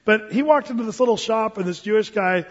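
A man preaches in a casual, storytelling way, stumbling over restarts and asides as he goes. His voice is high for a man and a bit husky. It carries through a long reverb in a church hall, and the recording is dull and lo-fi. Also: fast talker. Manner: conversational, frequent restarts and asides. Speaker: pastor. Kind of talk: sermon storytelling.

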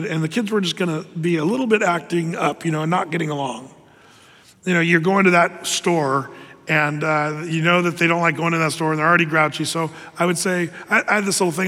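A man preaching a sermon in an earnest, conversational way, with pauses and restarts. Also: fairly high pitch, fairly bright tone, in a large hall. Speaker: pastor.

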